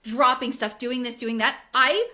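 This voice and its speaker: A woman co-hosting a podcast in casual chat, blunt and animated, swearing and laughing often. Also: high-pitched, a little slow. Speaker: podcast co-host. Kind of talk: casual chat recapping reality TV.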